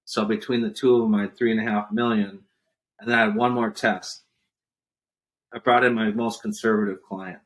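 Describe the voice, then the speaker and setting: A man's voice: fairly low pitch, moderate pace. A man, a podcast guest telling a business story and acting out what others said. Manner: animated storyteller acting out quotes. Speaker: guest entrepreneur. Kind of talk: storytelling interview chat.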